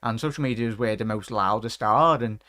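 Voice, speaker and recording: A man hosting a casual live fan stream, rambling, giving shout-outs to viewers and ranting in frustration. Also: lowish voice, brisk, no echo, clean studio sound. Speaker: host of a fan watchalong stream.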